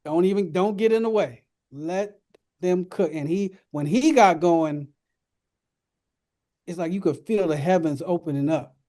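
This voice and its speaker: A man hosting a radio talk show, speaking earnestly and reverently, with lively laughing stretches. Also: high voice, a little slow. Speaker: radio host. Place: radio studio.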